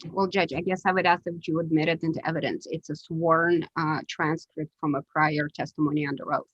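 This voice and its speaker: A woman lawyer cross-examining a witness in a remote court hearing. She speaks in a fairly low voice, measured, with many small hesitations. The sound is dull and dry, like video-call audio. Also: little pitch movement, no echo. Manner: measured, hesitant with frequent fillers. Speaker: attorney.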